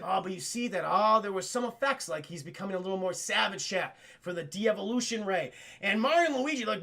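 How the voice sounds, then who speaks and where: A man casually recapping a film for his livestream chat, excitable and profane, often calling out to the chat. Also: high-pitched, fast talker, vocal fry, few pauses. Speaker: streamer film reviewer.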